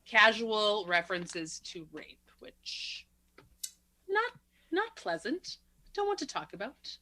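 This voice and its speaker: A woman's voice: medium pitch, wildly swooping pitch, slow pace, pushed and bright. A woman co-hosting a movie podcast in casual chat, wry and sarcastic, laughing between her remarks. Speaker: podcast co-host.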